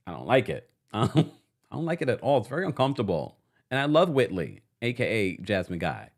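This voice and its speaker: A male host talking through a TV recap in a chatty, opinionated way. His pitch jumps around a lot, and he sounds playful and easy. He laughs often as he talks. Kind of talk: casual pop culture recap.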